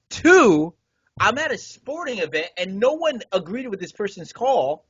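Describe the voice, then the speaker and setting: A man with a higher-than-usual, husky voice tells a podcast story with animated indignation. The sound is dry and slightly dull, like a close home podcast mic. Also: normal speed, dry recording. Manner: animated, indignant retelling with swearing. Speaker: podcast co-host.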